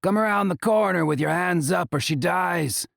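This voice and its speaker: A man's voice: mid-range voice, slow pace, vocal fry, no room sound, clean studio sound, voice pushed up. A man doing a growling brutal mercenary. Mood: roaring. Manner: growling, menacing and commanding. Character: brutal armored male mercenary leader.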